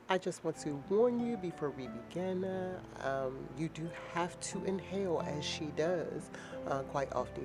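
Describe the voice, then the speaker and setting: A woman with a naturally deep voice talks casually to the camera, frank and rambling, often laughing. She is sick and slightly nasal. Clear music plays behind her. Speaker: vlogger.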